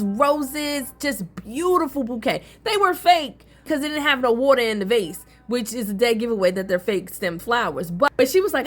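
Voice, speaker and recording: A woman hosting a casual soap opera recap, talking in an animated, colloquial way with gossipy asides. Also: a little high.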